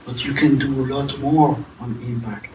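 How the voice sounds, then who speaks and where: A man coaching a group in a training room, animated and demonstrative in his delivery. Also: mid-range voice, normal speed. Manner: animated, exaggerates emotions in demonstrations. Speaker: leadership coach. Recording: echoey room from far off, noisy.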